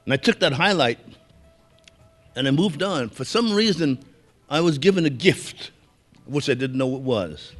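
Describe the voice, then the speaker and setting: A man's voice: medium pitch, lively intonation, unhurried, long pauses, a bit bright, faint music behind. Older man telling folksy stories. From Brooklyn, New York. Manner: folksy, anecdotal, chuckles with the audience. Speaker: keynote speaker. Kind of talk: storytelling speech.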